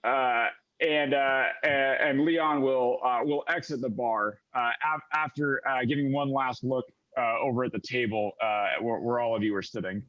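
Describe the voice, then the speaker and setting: A man narrating a tabletop game as game master, in a casual, halting way with many fillers. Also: mid-range voice, steady tone, no echo, highs cut off.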